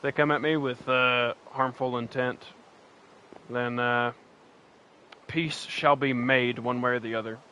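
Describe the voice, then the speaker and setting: A man's voice: medium pitch, steady tone, measured pace, long pauses, sharp tone, muffled recording, a little hiss or hum. A man streaming a game in casual chat, rambling, laughing often and answering his chat. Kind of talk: casual chat while playing and reading chat.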